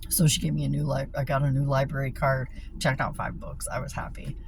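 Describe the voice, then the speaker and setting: A woman's voice: rumbling low, brisk, vocal fry. A woman vlogging casual stories while driving, blunt and profane and laughing often. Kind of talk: casual storytelling vlog. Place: inside a car while driving. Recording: steady car noise behind. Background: road and engine noise.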